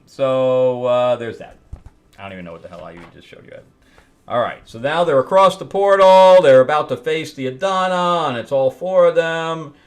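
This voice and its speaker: A man hosting a casual comic book review, rambling and exasperated, with laughing asides. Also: medium pitch. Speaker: host.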